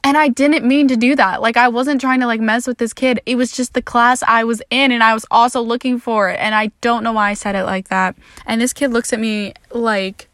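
A young woman with a somewhat high voice tells a casual, sweary story about herself. She is candid and self-deprecating. The sound is dry and close, with no room around it. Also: steady tone, a little fast, hardly any pauses, a bit bright, no echo. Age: young adult. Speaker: podcast host.

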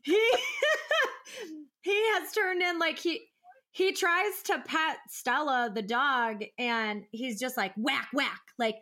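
Bright high-voiced young mother, animated. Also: takes it slowly. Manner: animated storytelling, acting out her son's voice. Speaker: podcast co-host. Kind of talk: casual chat.

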